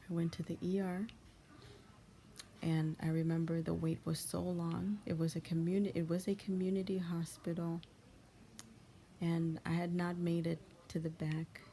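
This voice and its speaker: A young woman, a channel host, giving a heartfelt monologue of encouragement in a soft, often half-whispered, gentle and comforting way. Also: fairly low pitch, a little hiss or hum. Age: young adult.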